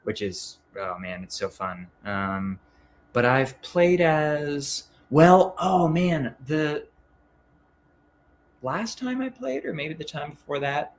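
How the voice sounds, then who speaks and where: A man's voice: on the high side, animated, slow pace, slight background noise. A man being interviewed as a comic book writer, talking casually and hesitantly with many ums and restarts.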